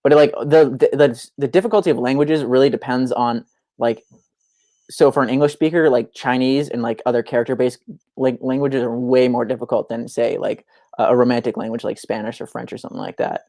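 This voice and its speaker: A young man chatting casually on a livestream, wandering through his points with constant fillers and restarts. His voice is mellow and dark. The sound is dry and close. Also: mid-range voice, fairly even intonation, brisk, dry recording. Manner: rambling, many "like" fillers and restarts. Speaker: podcast co-host.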